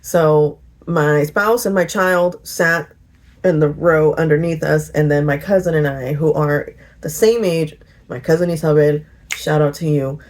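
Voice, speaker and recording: A middle-aged woman chatting casually in a get-ready-with-me vlog, telling a lively story with laughter. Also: deep voice, unhurried. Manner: animated storytelling, laughing and singing along. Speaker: vlogger.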